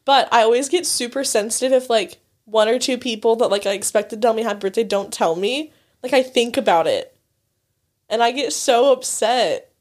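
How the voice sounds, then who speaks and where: A young woman chatting casually on a podcast, laughing often as she tells stories. Her voice sits a little high and bounces with animated energy. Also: moderate pace. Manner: giggly, animated storytelling. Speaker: podcast co-host. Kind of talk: casual chat.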